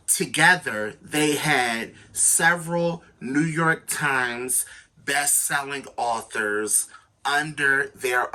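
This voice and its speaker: A man telling a personal story to his viewers in a casual, animated, slangy way, speaking straight to the audience. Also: mid-range voice. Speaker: storytelling vlogger.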